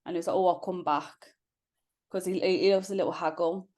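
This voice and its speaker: A woman's voice: on the low side, fairly even intonation, fairly quick, darkish tone. Laughing woman telling stories. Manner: chatty storytelling with frequent laughs. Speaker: guest. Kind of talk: casual chat.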